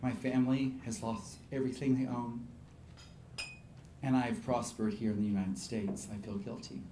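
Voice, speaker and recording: A man voicing a tall refugee woman with a low voice and a Slavic accent, talking slowly and somberly in a live story. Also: fairly even intonation, warm tone, roomy sound, slight background noise, natural voice. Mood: sad, guilty.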